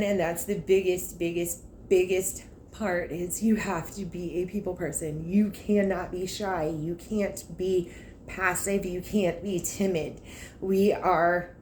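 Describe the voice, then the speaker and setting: A woman's voice: lowish voice, a little mellow, a little hiss or hum. A woman, a car salesperson talking candidly and emotionally about her work in a casual vlog. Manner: candid and emotional, with laughs and frank asides. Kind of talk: casual personal vlog talk.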